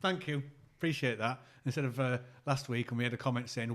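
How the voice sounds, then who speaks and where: A man's voice: mid-range voice, fast talker. A man co-hosting a podcast, bantering and chuckling in casual chat. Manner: bantering, chuckly, restarts a lot. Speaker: podcast co-host.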